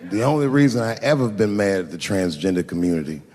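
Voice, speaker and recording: A male stand-up comedian performing on stage, animated, shouting punchlines and acting out voices. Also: on the low side, fast. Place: large venue on stage. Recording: echoey hall with crowd laughter. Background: audience laughter and crowd noise.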